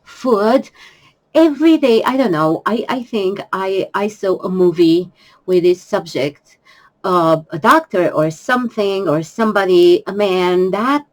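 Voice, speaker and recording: Tearful woman speaking slowly, halting. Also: medium pitch, poor audio. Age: 50s. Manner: halting, repeats words, emotional pleading. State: tearful, crying at times. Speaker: vlogger. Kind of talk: personal confessional vlog.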